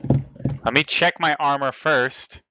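Bright-voiced joking man. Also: mid-range voice, fairly even intonation, low-quality recording. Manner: joking, quick to check rules. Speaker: player. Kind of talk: casual tabletop play.

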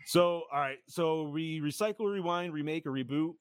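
A man hosting a casual movie-review podcast, excitable, swearing often and saying dude a lot. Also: fairly high pitch, normal speed, smooth, no echo. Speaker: podcast host.

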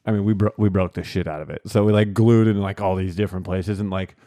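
A man's voice: low voice, fairly even intonation, fast, dark tone. A young man chatting casually on a podcast, recalling a story in a loose, laid-back way with plenty of fillers. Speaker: podcast co-host. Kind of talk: casual chat.

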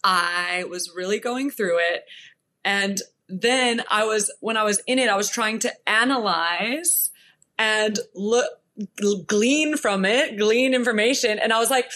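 Calm, reflective woman coach from Texas. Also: mid-range voice. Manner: reflective, measured, gently reassuring. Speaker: business and mindset coach, guest. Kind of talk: podcast interview.

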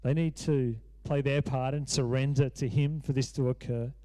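A man's voice: medium pitch, steady tone, moderate pace, warm tone. A man in his thirties preaching a sermon as pastor, earnest and repeating phrases for emphasis.

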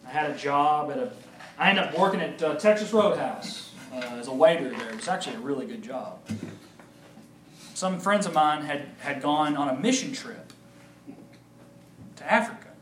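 Male pastor sharing his own story, animated, slightly high voice, echoey room. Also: moderate pace, pauses often, a little hiss or hum. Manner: animated, acts out quoted voices. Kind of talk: personal testimony storytelling.

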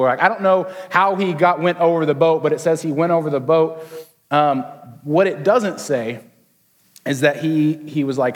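Joking young pastor in a big hall. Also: male voice, fairly high pitch. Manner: casual, joking, acts out quick voices. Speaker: student pastor. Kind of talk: sermon. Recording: long hall reverb.

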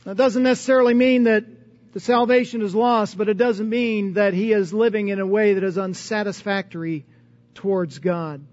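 High-voiced man preaching a sermon. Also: fairly even intonation, normal speed, darkish tone, dull audio. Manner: earnest, conversational preaching with strings of rhetorical questions. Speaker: pastor.

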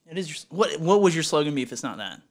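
A man's voice: fairly high pitch, sing-song. A man co-hosting a podcast, joking playfully in casual banter. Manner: playful, joking, quick to laugh. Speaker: podcast co-host.

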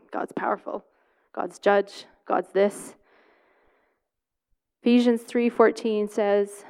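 A woman's voice: medium pitch, creaky, a little mellow, clear, resonant tone. A woman preaching a sermon, reading scripture and telling a personal story, stressing words by repeating them. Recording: long hall reverb.

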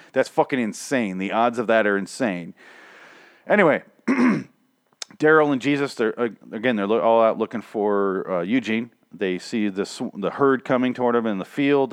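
This solo podcast host has a lowish voice and is recovering from singing days before, so he sounds strained and shaky. He recaps a show casually, rambling, swearing and joking, in a studio-quality recording without echo.

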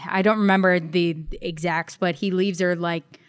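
Young woman podcast cohost, smooth voice, chatty and self-deprecating. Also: fairly low pitch, fairly even intonation, moderate pace. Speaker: podcast co-host. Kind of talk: casual chat.

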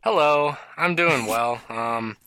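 A man's voice: mid-range voice, slow, sharp tone, smooth, no echo. A man co-hosting a casual podcast, joking at his own expense in a dry way. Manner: self-mocking, dry joking. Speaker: guest co-host.

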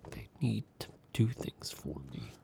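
Man, podcast co-host, dry joking asides, lively pitch, dry room. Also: unhurried, creaky, husky, no echo. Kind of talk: casual episode recap chat.

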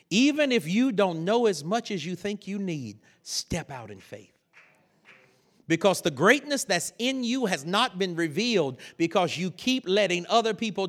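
A man preaching a lively sermon, telling a story with laughter and sudden shouted bursts. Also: high voice. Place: church sanctuary.

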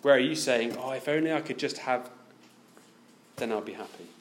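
A man's voice: mid-range voice, normal speed, a little hiss or hum. A man preaching a sermon, asking his listeners many direct questions.

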